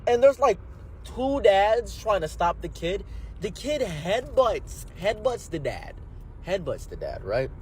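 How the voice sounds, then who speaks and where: A man casually telling wild personal stories, animated and exaggerated, swinging between mumbled asides and excited outbursts. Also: sits high, slow pace, slight background noise. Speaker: commentary streamer. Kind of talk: casual storytelling.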